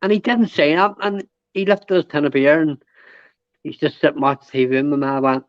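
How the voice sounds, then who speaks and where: A man's voice: fairly high pitch, brisk, dry recording. A man, a guest on a podcast, telling blunt, sweary stories from home. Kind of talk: casual storytelling chat. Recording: dry, dull lo-fi podcast audio.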